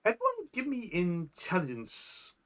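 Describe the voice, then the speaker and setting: A man narrating a tabletop horror game as game master, describing scenes with a lively, measured delivery. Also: high-pitched, slight background noise. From Yorkshire.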